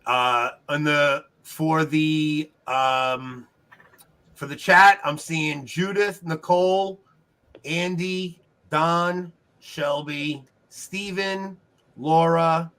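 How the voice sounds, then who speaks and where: A man with a bright, forceful tone and an unmistakable Long Island New York accent runs a casual trivia game. He is upbeat and chatty, often laughing and breaking off to talk to the chat. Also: a little high, steady tone, drawn-out words, clear, resonant tone. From New York, United States. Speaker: trivia show host. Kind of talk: casual livestream game hosting. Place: his home.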